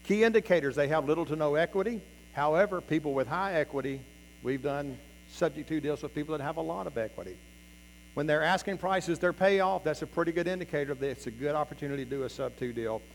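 Male presenter working a seminar crowd, emphatic, a bit high-voiced, hall reverb with a faint hum. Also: fast talker, vocal fry. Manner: emphatic, keeps addressing the audience as "guys". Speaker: real estate seminar presenter. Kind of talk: live seminar teaching. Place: meeting room before a live audience.

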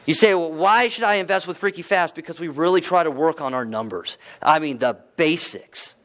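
A man's voice: on the high side, normal speed, fairly bright tone. A man giving a casual, conversational talk to a live audience, often asking them questions and using fillers. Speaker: real estate investment speaker.

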